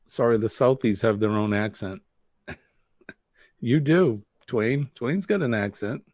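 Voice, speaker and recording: A man's voice: on the low side, darkish tone, dry recording, clean studio sound. A man hosting a live-stream show, chatting casually, laughing often and reading out comments from viewers.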